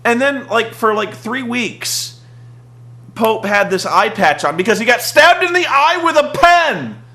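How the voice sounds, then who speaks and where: High, bright-voiced young man ranting. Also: very animated, unhurried. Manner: rambling, sarcastic, mocks with shouted impressions. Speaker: podcast host recapping wrestling. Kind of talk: casual rant.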